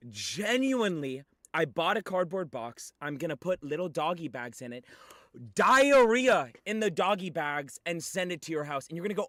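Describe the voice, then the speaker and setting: A young man livestreaming, chatting casually with viewers in an excitable, teasing way with sudden shouts. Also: fairly high pitch, normal speed, no echo, clean studio sound.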